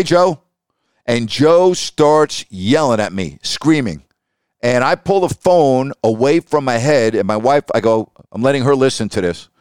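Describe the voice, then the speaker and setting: A middle-aged man hosts his podcast with a smooth, resonant voice, leaning hard on his points as he tells a story. He is recorded close to the mic in a dry, dead room. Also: mid-range voice, no echo. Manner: emphatic, animated, acts out quoted voices. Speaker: podcast host and sports broadcaster. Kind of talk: storytelling monologue.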